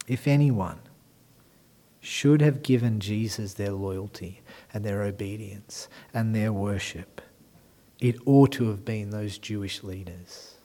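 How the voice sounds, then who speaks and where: A man preaching a sermon, moving from hushed lines to loud, emphatic ones. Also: on the low side, slow pace. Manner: swings from quiet to loud and emphatic.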